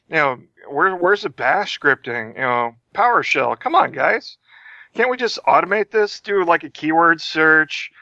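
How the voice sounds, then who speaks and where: A man's voice: on the high side, animated, measured pace, sharp tone, dry recording. A man co-hosting a podcast, wry and dry, asking pointed questions. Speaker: podcast co-host. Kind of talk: casual podcast banter. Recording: dull, dry lo-fi podcast audio.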